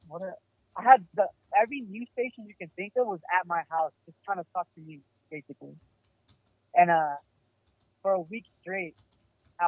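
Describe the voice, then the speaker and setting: A man's voice: a little high, dry recording. Man on a tinny phone-like line. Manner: rambling, lots of "like" and swearing. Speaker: podcast guest. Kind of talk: casual storytelling.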